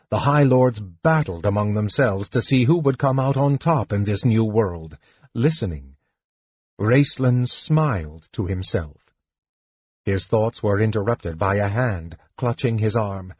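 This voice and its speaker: A man reading a fantasy novel aloud in slow, measured narration. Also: fairly low pitch, darkish tone, breathy edge, dry recording. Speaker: audiobook narrator. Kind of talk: scripted narration. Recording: dull lo-fi recording.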